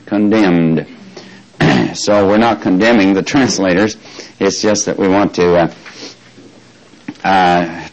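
A man teaching a Bible study as a sermon. He asks the congregation questions and repeats key phrases, slowing down to spell out what words mean. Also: lowish voice, rough recording.

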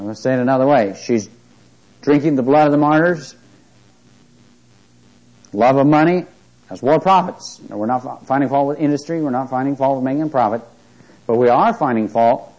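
A man's voice: mid-range voice, darkish tone. An older man preaching a sermon, emphatic and lifting his voice to stress key words. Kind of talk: sermon on prophecy. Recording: dull lo-fi recording.

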